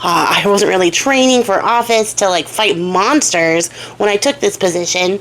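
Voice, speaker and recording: A panicky small-town mayor, hopelessly out of his depth, as a woman puts him on. He rambles, stumbles and repeats himself in a somewhat lower, softer voice. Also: lively intonation, moderate pace, a little hiss or hum, natural voice. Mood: flustered.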